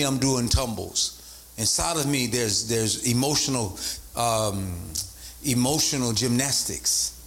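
Lively preaching bishop, a man. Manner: animated preaching, voice leaping up in pitch for emphasis; repeats phrases and calls out to the congregation. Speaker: bishop and pastor. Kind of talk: sermon.

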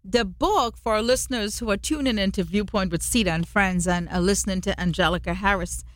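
A woman's voice: mid-range voice, fairly quick, dry recording. A woman hosting a radio talk show, asking long run-on questions and summing up the guest's story for her listeners. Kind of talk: radio interview.

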